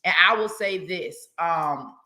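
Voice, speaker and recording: Lively woman host talking live to her viewers, bright forceful voice, lots of exclamations. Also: on the low side, slow pace. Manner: animated, exclamatory, laughing asides. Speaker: show host. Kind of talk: casual livestream talk.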